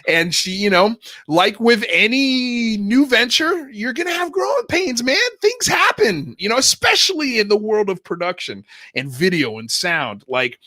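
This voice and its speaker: A man's voice: a little high, bright, forceful tone, no room sound. A man hosting a livestream, talking loosely with lots of fillers and casual slang. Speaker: livestream host.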